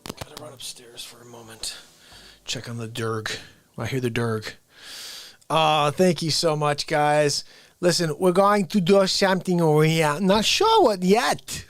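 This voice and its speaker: A man's voice: fairly high pitch, animated, moderate pace, dry recording. A man hosting a casual livestream, rambling playfully and often dropping into whispered asides. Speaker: livestream host.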